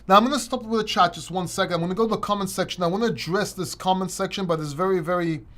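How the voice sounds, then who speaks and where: Male host, high voice, loose rambling livestream Q&A delivery with lots of restarts. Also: very fast, a bit bright. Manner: casual, rambling, frequent restarts. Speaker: crypto channel host.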